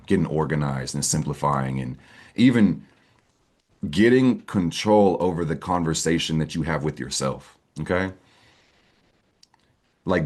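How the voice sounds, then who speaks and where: A man with a deep, low-pitched voice runs an astrology vlog in a casual, unscripted way. He is brash and slangy, curses often, and keeps hyping up his audience. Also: darkish tone. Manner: brash, profane, slangy and hyped. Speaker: astrology content creator.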